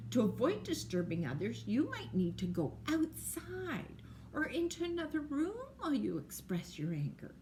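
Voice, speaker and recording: An older woman reading a children's picture book at bedtime, slow and gentle, explaining things to small children. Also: high-pitched, very animated, a little hiss or hum.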